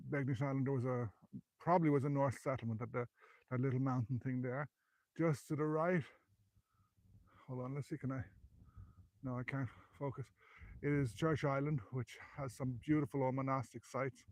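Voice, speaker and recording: A man's voice: medium pitch, steady tone, normal speed, pauses often, darkish tone, no room sound. An out-of-breath Irish man giving a chatty, rambling live history tour outdoors, filming on a handheld phone as he climbs. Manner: chatty, rambling, self-correcting. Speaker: local history guide. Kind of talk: live walking history vlog. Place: outdoors on a hillside graveyard. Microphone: handheld phone while climbing.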